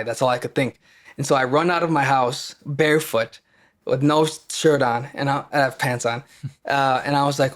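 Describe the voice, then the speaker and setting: A young man from Wisconsin speaks as a podcast guest, at a middling pitch for a man. His talk is candid and rambling, full of restarts. He acts out scenes from his own past in quoted lines. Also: fairly even intonation, moderate pace. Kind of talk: casual storytelling conversation.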